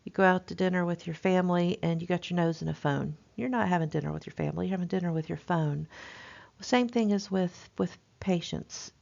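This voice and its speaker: Gravelly-voiced woman nursing instructor. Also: on the low side, fairly quick, darkish tone, muffled recording. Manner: conversational, emphatic, frequent fillers. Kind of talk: recorded lecture.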